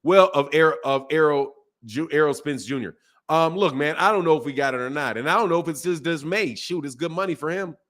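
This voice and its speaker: A man's voice: a little high, brisk, a bit bright. A man hosting a boxing channel, casually chatting on a live stream and reading viewer comments, repeating phrases as he goes.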